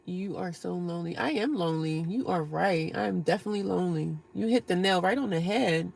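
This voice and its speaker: A woman's voice: lowish voice, fairly quick, gravelly, darkish tone. A woman live-streaming from her car, reading viewer comments aloud and scolding trolls in a blunt, sarcastic way. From United States. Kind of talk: casual live-stream chat.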